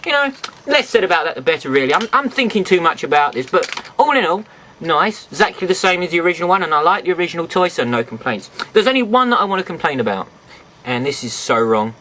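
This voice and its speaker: High, lively man rambling through a toy review. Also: quick pace, a little hiss or hum, low-quality recording. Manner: rambling, chatty, addresses viewers directly. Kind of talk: casual toy review to camera. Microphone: camera mic, sometimes off camera.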